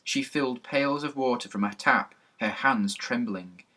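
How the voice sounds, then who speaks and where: A man reading a children's storybook aloud, narrating in a lively, even manner. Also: mid-range voice, measured pace. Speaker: reader.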